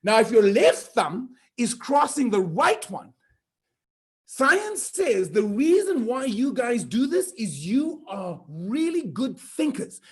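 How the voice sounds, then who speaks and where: High-voiced upbeat man. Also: big pitch swings, takes it slowly, slightly rough. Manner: playful, teasing, upbeat, reads out names. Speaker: conference host. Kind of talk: energetic virtual event hosting.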